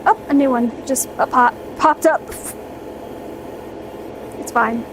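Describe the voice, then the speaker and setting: Chatty, high-voiced young woman streamer. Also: slow pace, background noise. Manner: upbeat, chatty, cheering herself on. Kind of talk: casual livestream chat while airbrushing miniatures.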